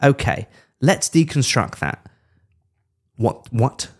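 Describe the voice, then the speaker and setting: A man's voice: medium pitch, lively intonation, slow. A man co-hosting a casual comedy podcast, joking around and slipping into playful voices. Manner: jokey, does playful voices of drivers. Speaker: podcast co-host.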